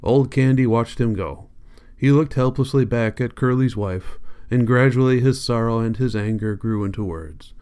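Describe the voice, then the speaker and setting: A man reading a novel aloud as an audiobook narrator, in a steady, measured manner. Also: medium pitch, smooth. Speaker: audiobook reader.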